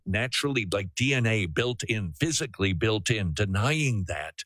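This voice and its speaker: A man's voice: fairly low pitch, a bit bright, no room sound. A man hosting a call-in radio talk show, preaching earnestly and often restarting his sentences.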